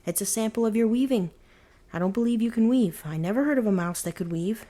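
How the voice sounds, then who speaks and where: A woman's voice: fairly high pitch, fairly quick, dark tone, close to an everyday voice. A woman voicing a kind-hearted, earnest youngest brother in a bedtime storybook reading, speaking tenderly and sincerely. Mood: doubtful.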